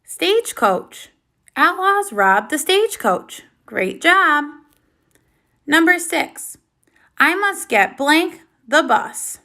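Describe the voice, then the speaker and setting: A woman teacher giving a recorded reading lesson for young children, slow, clear and encouraging, with lively praise. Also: high voice.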